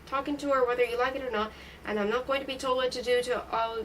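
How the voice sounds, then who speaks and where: A woman reading aloud and voicing an angry, desperate middle-aged father who shouts, in a brisk high voice recorded from a distance with faint background noise. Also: steady tone, natural voice. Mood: shouting angrily. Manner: shouting, then pleading.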